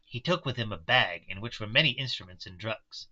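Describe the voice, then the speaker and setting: A man reads a classic novel aloud in a live session, breaking off now and then for self-deprecating asides. His voice is very bright and forward, and the dull, lo-fi recording sounds like a home setup. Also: lowish voice, lively intonation, fairly quick. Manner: self-deprecating asides between read passages. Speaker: reader. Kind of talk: live book reading with commentary.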